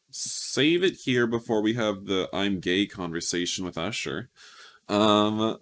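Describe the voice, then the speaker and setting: Lively, wry man reading a game aloud. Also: on the low side. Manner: wry, self-mocking commentary. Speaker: gaming video host. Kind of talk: reading a story game aloud with jokey asides.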